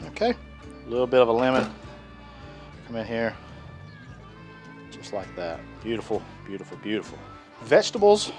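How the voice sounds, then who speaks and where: A man chats his way through a cooking demonstration in a folksy tone. His voice sits at an ordinary middle pitch. Food sizzles on a griddle with soft music underneath. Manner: folksy, chatty, with many fillers. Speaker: cooking channel host. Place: outdoor griddle.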